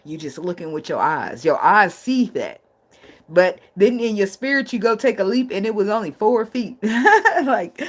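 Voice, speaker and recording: A woman in reads tarot live from her home. She talks bluntly and swears freely, and her delivery stays casual and direct. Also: medium pitch. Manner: blunt, profane, laughs often. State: tearful at times. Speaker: tarot reader.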